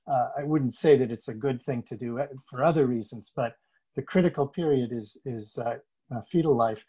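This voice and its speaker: A man speaking as a guest on a podcast interview, measured and a little hesitant as he builds his points. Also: medium pitch, darkish tone, slightly rough. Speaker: guest advocate.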